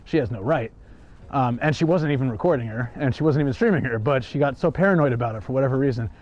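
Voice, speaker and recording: A man's voice: medium pitch, racing, muffled recording. A man telling a rambling story on a live stream while he walks through a park, chuckling often. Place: outdoors in a park.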